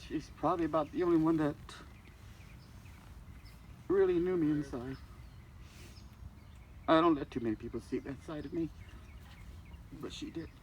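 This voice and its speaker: A man's voice: a little high, steady tone, moderate pace, long pauses, a little hiss or hum. An older man giving a eulogy for a close friend at a church service, telling folksy stories and acting out the dialogue with humor. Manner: folksy and joking, acts out dialogue. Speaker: eulogy speaker, friend of the deceased. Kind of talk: storytelling eulogy.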